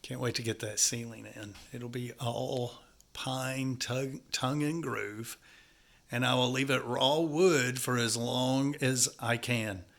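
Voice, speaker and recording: A man's voice: medium pitch, steady tone, slow pace, vocal fry, a bit bright. A man with a stuffy, congested nose, talking casually to viewers in a folksy, rambling way while working on a house. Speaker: home-building vlogger. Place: house under construction, indoors.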